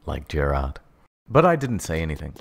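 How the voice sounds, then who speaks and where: A man narrating a comic reading in a deadpan, sarcastic style. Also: a bass voice, normal speed, creaky. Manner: deadpan delivery of absurd text, sarcastic. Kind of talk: mock-dramatic comedic reading.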